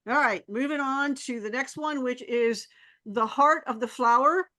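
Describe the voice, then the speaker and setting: A woman's voice: high voice, measured pace, bright, forceful tone. Chatty woman announcing photo entries. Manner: chatty, laughs easily. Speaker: meeting presenter.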